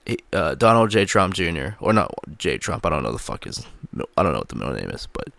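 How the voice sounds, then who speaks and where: A man's voice: low voice, sing-song, quick pace, creaky, a bit bright, no echo. A man vlogging into a close mic, rambling in casual, profane commentary full of fillers. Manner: profane, filler-heavy, laughs at own jokes. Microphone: close microphone.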